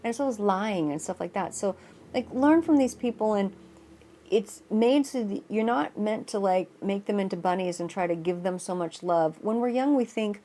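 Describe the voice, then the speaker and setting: A woman's voice: mid-range voice, animated, normal speed, dark tone. A woman tarot reader explaining astrology in a casual, rambling way, with many restarts and an earnest tone. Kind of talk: casual spoken astrology reading.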